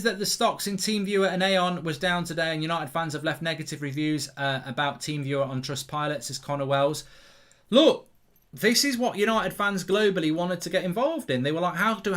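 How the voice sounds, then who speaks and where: Excitable man commentating a live match. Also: on the high side, a little fast, few pauses. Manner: excitable, reads viewer messages aloud, rises sharply in big moments. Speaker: football watchalong host.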